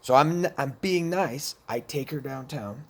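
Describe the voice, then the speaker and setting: A man's voice: mid-range voice, a little slow, fairly bright tone. Blunt, profane man telling a story. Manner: blunt and profane, with frequent restarts. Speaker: speaker sharing addiction experiences. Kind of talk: personal storytelling, recovery talk.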